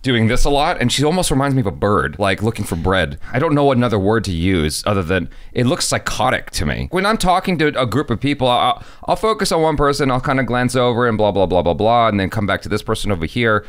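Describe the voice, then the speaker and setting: A man hosting a casual reaction chat, animated and chatty. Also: mid-range voice, quick pace, hardly any pauses. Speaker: reaction show host.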